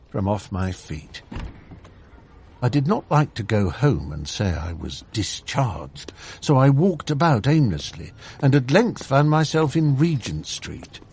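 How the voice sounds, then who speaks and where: A man narrating an audiobook in an expressive, measured storytelling manner. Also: medium pitch, slightly rough.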